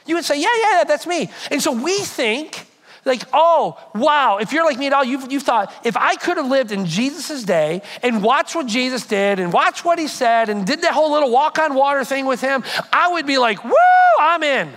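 A male pastor preaching a sermon to a congregation, animated and conversational, with frequent repetitions. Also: very high-pitched, moderate pace. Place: church hall before a congregation.

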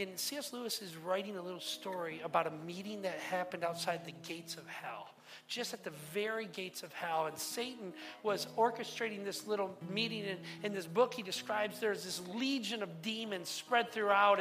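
Earnest high-voiced preacher. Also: male voice, normal speed, bright, forceful tone. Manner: earnest, repeats words, storytelling. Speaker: pastor. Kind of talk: sermon with closing prayer. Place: church room. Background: faint guitar.

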